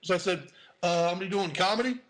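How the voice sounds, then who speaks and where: A man telling a profane, animated story about his stand-up debut, acting out voices in the quotes. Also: high-pitched, fast. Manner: acts out voices in quoted speech.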